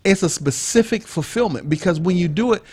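A man's voice: sits high, expressive, brisk, darkish tone, breathy edge. Man teaching in a preachy, repeating way. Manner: preachy, explains with repetition and asides. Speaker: podcast co-host. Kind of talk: casual teaching talk.

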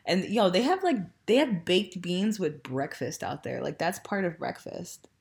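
A woman's voice: lowish voice, measured pace, vocal fry. Young woman telling a profane story. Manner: storytelling, profane, animated when retelling. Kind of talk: casual chat.

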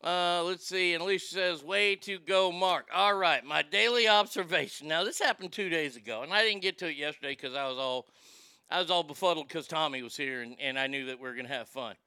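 A man's voice: on the high side, fast talker, sharp tone, clean tone, dry recording, clean studio sound. A man hosting a podcast, reading out listener messages and telling a story in a loose, profane, laughing way. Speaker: podcast host. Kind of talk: casual storytelling chat.

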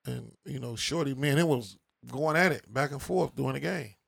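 A man from Chicago with a gravelly, husky, medium-pitched voice talks at a normal speed, telling friends a long, profane street story in a casual group chat. He's animated, acting out the dialogue with laughs.

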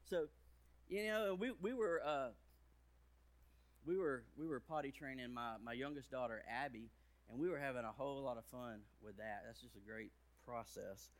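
A man in his thirties, a pastor giving a playful children's sermon with jokes and big swings in his voice. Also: moderate pace. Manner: playful, jokey, big swings in pitch and volume.

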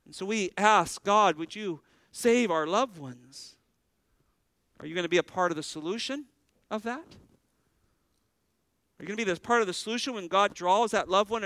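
A man's voice: high-pitched, bright, forceful tone, no room sound, low-quality recording. Guy pastor giving a sermon, dry close sound, earnest, keeps asking the crowd stuff. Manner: earnest, asks the congregation questions.

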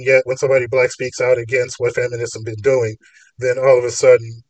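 A man's voice: medium pitch, steady tone, a little fast, no room sound, distant mic, low-quality recording. A man hosting a call-in podcast, arguing his points in long rambling runs. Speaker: podcast host. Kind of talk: casual call-in talk.

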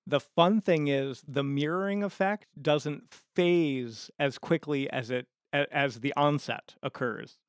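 A man co-hosting a podcast in casual chat, giving measured explanations with dry, wry remarks. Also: fairly high pitch, no echo. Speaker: podcast co-host.

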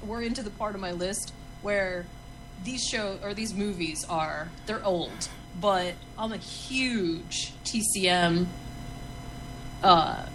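A woman co-hosting a casual chat, recommending an old film with enthusiasm and a few halting restarts. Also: medium pitch, background noise. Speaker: podcast co-host.

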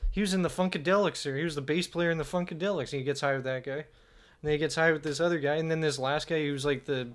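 A man's voice: fairly high pitch, steady tone, fast talker. A man co-hosting a comedy podcast, rambling through a story in casual chat. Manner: rambling storytelling, laughs often. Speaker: podcast co-host.

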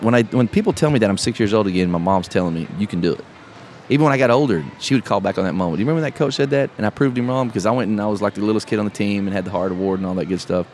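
A middle-aged man, a podcast host telling a story in casual, animated chat. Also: lowish voice. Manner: animated storyteller, calls listener bro. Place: live podcast event. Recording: live event, faint noise behind.

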